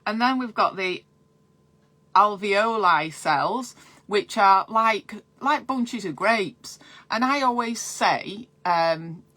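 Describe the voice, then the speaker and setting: A midwife talks casually through breastfeeding advice from home, her voice bright and forward. She wanders off topic to chat with viewers before finding her thread again. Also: medium pitch, animated, slow pace. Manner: chatty and digressive, breaks off to read viewer comments. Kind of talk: live-streamed breastfeeding advice.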